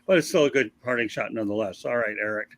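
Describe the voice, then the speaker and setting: A man's voice: lowish voice, fast talker, a little hiss or hum. Man hosting a casual baseball talk. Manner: opinionated, rambling, leads the panel. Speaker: podcast host.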